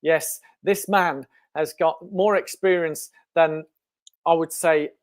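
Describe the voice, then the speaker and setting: A man's voice: fairly high pitch, steady tone, slow pace, dry recording. An English man hosting a podcast, chatty and enthusiastic in a casual interview. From England. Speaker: podcast host.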